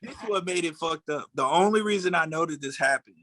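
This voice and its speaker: Bright-voiced man in his forties telling a story. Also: on the high side, quick pace. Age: 40s. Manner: animated storyteller, acts out quotes. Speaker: podcast co-host. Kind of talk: casual storytelling chat.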